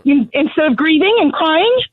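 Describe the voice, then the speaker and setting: A woman's voice: high-pitched, expressive, normal speed, no echo. A middle-aged woman calling in as a grieving mother, talking in an angry, blunt, ranting way. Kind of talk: phone interview. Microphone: telephone. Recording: tinny phone line, dry.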